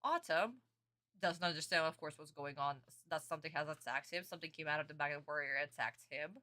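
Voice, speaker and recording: A fast-talking young adult woman with a low-sitting, bright, forceful voice reacts to a cartoon episode on stream. She chats casually, responds to what viewers type, and calls them sweeties and honey.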